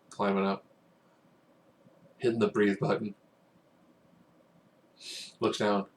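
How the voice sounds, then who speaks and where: Male recap host, slightly low voice, loose chatty delivery, acts out quotes in loud bursts. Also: a little slow, pauses often, a little hiss or hum. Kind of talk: casual commentary recap.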